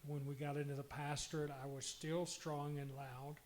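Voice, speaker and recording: A man's voice: on the high side, level tone, normal speed, slight background noise. An older man, a longtime pastor, telling marriage stories earnestly and with self-deprecating humor. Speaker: retired pastor, panel guest.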